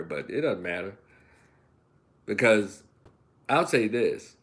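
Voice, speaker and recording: A middle-aged man from Memphis with a Southern American accent, hosting a ranting opinion commentary and talking folksily to his listeners. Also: lowish voice. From Memphis, United States. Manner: animated, acts out voices and imitations; folksy, addresses listeners as y'all. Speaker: commentary channel host.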